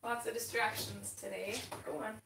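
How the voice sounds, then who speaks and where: A woman livestreams casually from her home desk, talking to her viewers and now and then to her cat. She speaks at a moderate pace in a mid-range voice with little pitch movement. The recording carries room echo and faint background noise.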